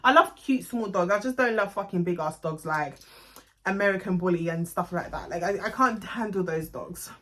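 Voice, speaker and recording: A young woman with a London accent tells a storytime tale in a casual vlog. She is blunt, swears freely and tells it with animated energy. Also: fairly low pitch, moderate pace, slight background noise. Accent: London English. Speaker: vlogger.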